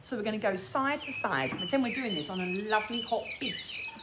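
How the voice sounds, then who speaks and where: A woman leading a sing-along class for young children in a lively, sing-song way. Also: mid-range voice, a little fast, heavy background noise. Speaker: children's music class teacher.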